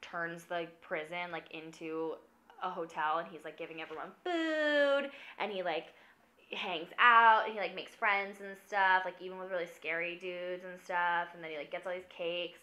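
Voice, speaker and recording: Bright-voiced drunk young woman rambling. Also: fairly low pitch, fairly even intonation, normal speed. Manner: rambling, fills every phrase with "like". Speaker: film recapper. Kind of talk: rambling comic movie recap.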